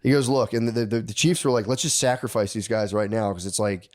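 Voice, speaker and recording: A man's voice: on the low side, a little fast. A man on a podcast telling a history story in casual, profane slang, acting out the characters' lines.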